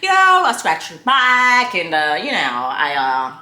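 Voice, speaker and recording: Prim polite young guy, girl putting him on, proper talk, lots of uh you know, kinda lively pitch. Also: measured pace, reverberant, exaggerated voice. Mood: gently aggrieved. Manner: hesitant, fills with "uh, you know".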